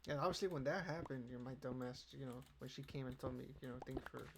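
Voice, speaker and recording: Gravelly young man rambling casually. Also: mid-range voice, quick pace. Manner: rambling, profane, fills with "you know". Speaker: podcast host. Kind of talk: casual chat. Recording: keyboard clicks and noise behind.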